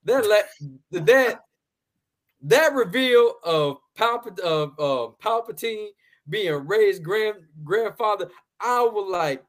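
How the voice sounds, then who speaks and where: A man with a somewhat high voice hosts a casual movie review chat. He is blunt and profane and laughs often. He repeats words as he talks. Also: lively intonation, slow. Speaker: podcast host.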